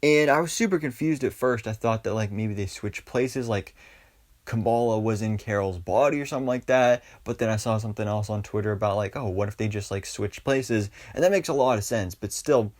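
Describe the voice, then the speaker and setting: A young man giving a chatty, excited episode review as a channel host, full of casual fillers. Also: lowish voice, a little fast. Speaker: YouTube reviewer. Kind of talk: casual commentary.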